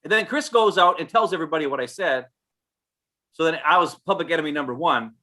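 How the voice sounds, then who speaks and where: A man's voice: on the high side, quick pace, sharp tone. A man co-hosting a live podcast, telling rambling blunt stories in casual chat. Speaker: co-host.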